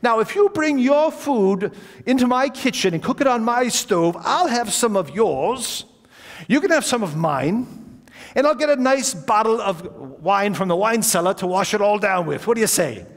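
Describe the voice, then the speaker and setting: Generous rich old host, put on by a male speaker, high and bouncy, hall echo. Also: lively intonation, moderate pace. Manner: hospitable, coaxing offers. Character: genial wealthy older gentleman host, generous.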